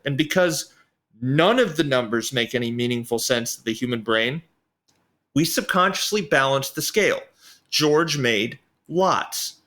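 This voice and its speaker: A man's voice: medium pitch, bright, forceful tone. A man co-hosting a history podcast, reading a prepared script with sarcastic asides. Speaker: podcast co-host. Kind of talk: casual history podcast narration.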